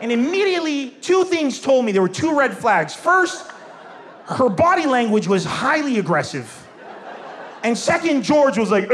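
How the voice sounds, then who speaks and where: High-voiced man doing lively stand-up. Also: moderate pace. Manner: animated, acts out voices, laughing, shouting punchlines. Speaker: stand-up comedian. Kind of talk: stand-up comedy storytelling. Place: stage before a live audience. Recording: roomy venue with faint crowd and noise.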